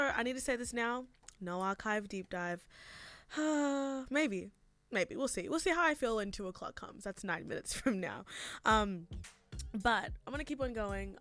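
A woman's voice: medium pitch, fairly bright tone, dry recording. A young Australian woman hosting a radio show, chatting casually with frequent laughs and rambling asides. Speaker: radio host.

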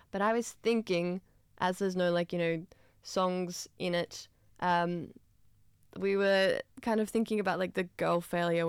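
A woman's voice: on the low side, vocal fry, clean tone, no echo, clean studio sound. A young woman co-hosting a radio show, chatting casually about a film with lots of fillers. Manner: chatty, fast, with many fillers. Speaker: radio co-host.

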